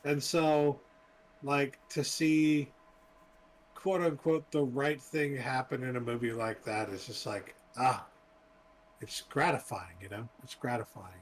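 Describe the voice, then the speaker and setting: A man in casual conversation about movies, speaking in an ordinary, mid-pitched voice. He is enthusiastic and swears freely. He often pauses on fillers as he looks for his words. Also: fairly even intonation, slight background noise. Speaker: podcast co-host.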